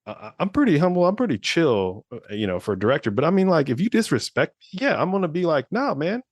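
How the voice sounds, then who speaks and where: A man's voice: fairly high pitch, sing-song, fast, no echo, clean studio sound. A man in his thirties co-hosting a podcast, chatting casually, rambling with lots of fillers and swearing freely. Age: 30s. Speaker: podcast co-host. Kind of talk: casual chat.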